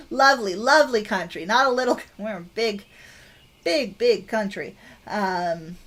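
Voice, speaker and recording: A woman's voice: mid-range voice, takes it slowly, pauses often, fairly bright tone. A young woman from Canada, chatting casually to her stream audience in a rambling way, with many fillers, restarts and laughs.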